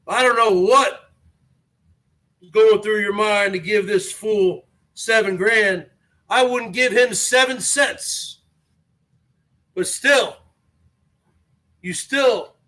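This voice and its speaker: High-voiced guy ranting on his stream, slow and drawn out, keeps badgering the chat and yelling. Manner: ranting, badgering viewers with repeated questions; shouts to whip up the audience. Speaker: live-stream host. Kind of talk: ranting live-stream commentary.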